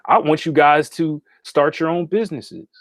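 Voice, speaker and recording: A man's voice: on the high side, steady tone, normal speed, fairly bright tone, no echo, studio quality. A man hosting a casual livestream from his home meditation room, talking straight to viewers and often checking in with "okay?". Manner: direct, repetitive, asks "okay?" often. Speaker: livestream host and spiritual consultant.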